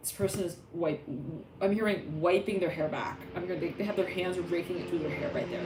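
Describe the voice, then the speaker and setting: A woman's voice: fairly low pitch, lively intonation, fairly quick, roomy sound, very noisy. A woman giving a casual tarot reading, rambling and laughing often as she acts out imagined conversations. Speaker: tarot reader.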